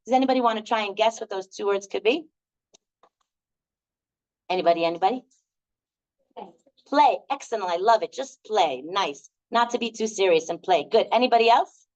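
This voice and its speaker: A woman's voice: mid-range voice, normal speed, long pauses. A woman leading an improv workshop for a live group, chatty and encouraging, in a dull lo-fi recording. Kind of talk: lively talk to a group.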